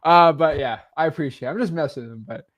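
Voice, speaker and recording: A man in his twenties, a coach hosting a live call, relaxed and teasing, with plenty of fillers. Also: a little high, quick pace, dull audio. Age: 20s. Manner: laid-back, teasing, with many fillers.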